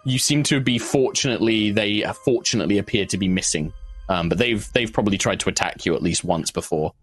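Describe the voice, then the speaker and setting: A man narrating a tabletop game as game master, meandering and halting, with many fillers and restarts. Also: fairly low pitch, fairly bright tone, breathy edge, faint music behind.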